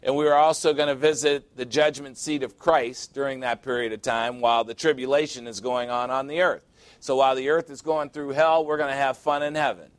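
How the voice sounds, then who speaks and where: A male pastor preaching a sermon, emphatic and deliberate, repeating phrases for effect. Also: mid-range voice, fairly even intonation, dry recording.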